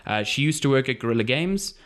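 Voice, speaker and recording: A man co-hosting a casual gaming podcast, rambling and quick to joke. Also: mid-range voice, animated. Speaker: podcast co-host.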